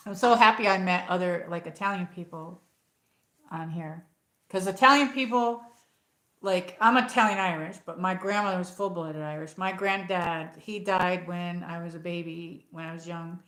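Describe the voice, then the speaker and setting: A woman's voice: on the low side, fairly even intonation, moderate pace, fairly bright tone, echoey room, poor audio. A woman hosting a casual livestream, chatting in a rambling way with many fillers while answering viewers. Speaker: livestream host. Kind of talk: casual livestream chat reading comments.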